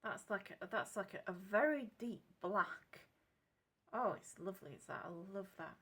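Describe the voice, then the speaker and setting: A woman's voice: medium pitch, moderate pace, bright, forceful tone, slightly rough. An English woman chatting casually and unscripted in a craft vlog, rambling, correcting herself and apologising as she goes. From England. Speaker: craft vlogger.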